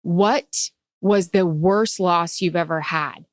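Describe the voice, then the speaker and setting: A woman in her forties co-hosting a podcast, telling stories in casual chat with a slightly nasal, animated delivery. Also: fairly low pitch, takes it slowly, dry recording. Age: 40s. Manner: animated storyteller. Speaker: podcast co-host.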